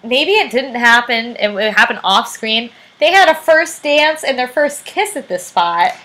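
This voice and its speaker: A young woman co-hosts a casual podcast chat in a high, bright voice. Her pitch swings widely as she giggles and pokes fun at herself. She sounds lively and quick to laugh. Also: a little hiss or hum. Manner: giggly, self-deprecating, lively. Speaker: podcast co-host.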